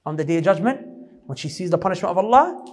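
Emphatic male preacher, quick and high, reverberant hall. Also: expressive, a little hiss or hum. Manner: rapid, emphatic, questions the audience. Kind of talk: sermon.

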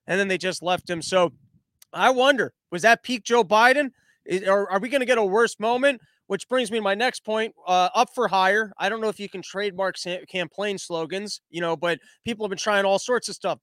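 A man's voice: sits high, moderate pace, a bit bright, no echo. A male comedian hosting a podcast, rambling through a crude, self-interrupting monologue. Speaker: comedian host.

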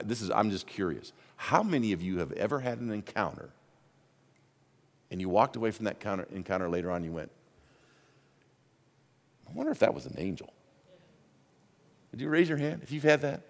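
Animated male pastor preaching a sermon. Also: medium pitch. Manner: animated storytelling, voice swinging from hushed to loud.

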